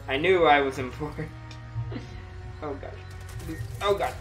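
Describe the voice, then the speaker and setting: A woman's voice: low voice, moderate pace, long pauses, a bit bright, faint music behind. A woman chatting casually on a gameplay livestream while feeling sick with a dry throat, giggling often and mocking herself. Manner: giggly, self-mocking, frequent laughter and exclamations.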